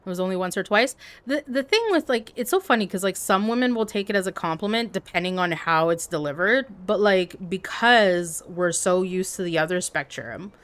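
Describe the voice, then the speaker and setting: A woman livestreamer telling stories in casual chat, animated and peppered with "like". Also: mid-range voice, normal speed, few pauses. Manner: animated, heavy use of "like".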